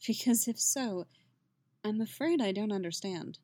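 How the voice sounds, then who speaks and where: A proud, sharp-tongued sorceress whose voice comes out soft and thin, tight with pain, as a woman reads her. She speaks slowly, close and dry. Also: medium pitch, expressive, no room sound. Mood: soft, guarded.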